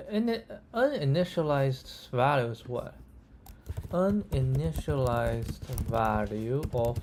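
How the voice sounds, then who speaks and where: A man thinking aloud as he codes, halting and correcting himself, often checking in with "right?" and "okay?". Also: mid-range voice, slight background noise. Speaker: coding tutor. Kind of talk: thinking aloud while live coding.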